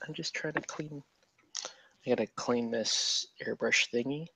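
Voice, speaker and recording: A man's voice: medium pitch, unhurried, sharp tone, slightly rough. A man hosting a casual painting stream, rambling and joking over a headset mic with many restarts. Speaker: host of a miniature painting stream. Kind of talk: casual chat.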